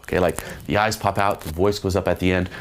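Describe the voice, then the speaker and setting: A man with a somewhat low voice teaches dating technique in an emphatic monologue. He keeps checking in with a quick "okay?" and slips into exaggerated higher voices to act out how women respond. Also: fairly even intonation, a little hiss or hum. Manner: acts out women's replies in raised voices. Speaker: dating coach. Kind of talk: instructional monologue.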